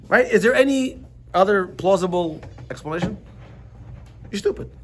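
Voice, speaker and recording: A man teaching a lively class, switching quickly between explanation and jokes. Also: high voice, slight background noise. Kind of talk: animated class lesson.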